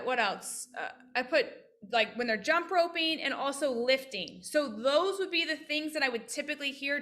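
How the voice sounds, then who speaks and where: A woman physical therapist teaching practice owners on a video call, lively and interactive, often asking questions. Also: sits high. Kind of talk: casual online teaching with role-played examples.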